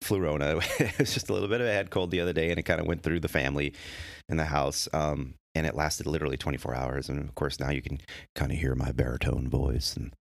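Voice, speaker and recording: A middle-aged man hosting a casual podcast chat, animated and jokey, with a slight head cold. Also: extremely low pitch, fast talker, gravelly, no echo, studio quality. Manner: animated, jokey, laughs often. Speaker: podcast host.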